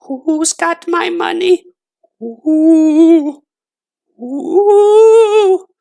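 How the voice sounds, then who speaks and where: A man voicing the wailing, blind ghost of a dead woman who demands her money back in a slow, drawn-out shriek. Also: gravelly, mellow, full character voice. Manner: drawn-out high shrieking wail.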